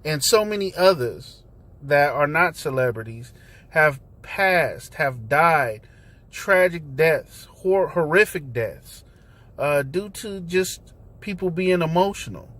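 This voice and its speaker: A man's voice: fairly high pitch, expressive, slow, fairly bright tone. Casual slang-talking man vlogging from his car. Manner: loose, conversational, preachy with slang and fillers. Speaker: host. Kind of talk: casual talk vlog. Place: inside a parked car.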